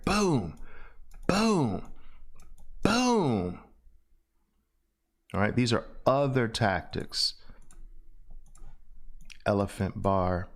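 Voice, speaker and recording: A middle-aged man teaching a trading lesson over a screen share, animated and repetitive, with loud "boom" exclamations. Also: gravelly. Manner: animated, punctuates with loud "boom" and repeats phrases. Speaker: trading instructor.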